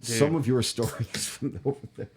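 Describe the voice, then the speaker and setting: A man's voice: medium pitch, moderate pace, darkish tone, a little hiss or hum. A man hosting a casual podcast chat with an Irish accent, joking around and laughing often. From Ireland. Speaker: podcast host.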